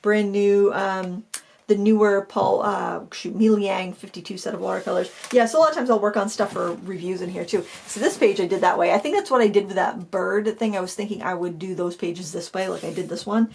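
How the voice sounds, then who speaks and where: A woman's voice: mid-range voice, fairly quick, creaky, a little mellow. A middle-aged woman hosting an art channel, chatting casually as she pages through a sketchbook, with fillers and self-corrections.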